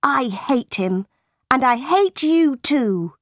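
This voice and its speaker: A stubborn ten-year-old orphan girl, read by a woman, answers back earnestly and defiantly. Her storybook lines come slowly in a close, dry voice. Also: on the high side, no room sound.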